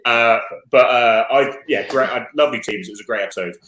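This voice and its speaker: A man co-hosting a quiz chat, animated and often restarting his sentences. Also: medium pitch, a little fast, slight background noise. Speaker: co-host. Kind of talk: casual chat. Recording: roomy echo.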